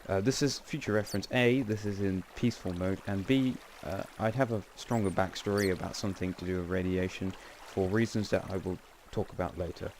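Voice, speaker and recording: A man's voice: low-pitched, steady tone, brisk, hardly any pauses, a little mellow, a little hiss or hum. A man giving casual, rambling gameplay commentary with wry asides and frequent self-corrections. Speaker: game channel host.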